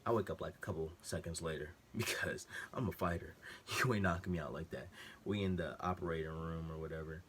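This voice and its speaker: Deep-voiced young man telling a story. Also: fairly quick, slight background noise. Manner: animated slangy storytelling, acting out quotes. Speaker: vlogger. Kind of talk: casual storytelling.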